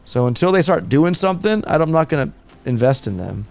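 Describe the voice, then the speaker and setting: Gravelly man chatting on a stream. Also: on the high side, very animated, quick pace, a little mellow. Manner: rambling, restarts often. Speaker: gaming channel host. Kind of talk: casual live-stream chat.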